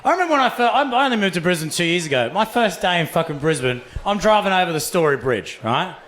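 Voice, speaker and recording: A young Australian man performing a profane, animated stand-up set in a comedy club, acting out voices as he tells stories. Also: a little high, quick pace. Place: comedy club stage with laughing audience. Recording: roomy club sound.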